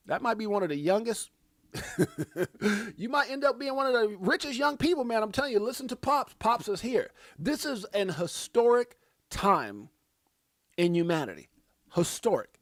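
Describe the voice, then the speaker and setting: A man hosting a casual livestream, hyped and preachy, shouting out viewers by name. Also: sits high, lively intonation, normal speed, dry recording, studio quality. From United States. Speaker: livestream host.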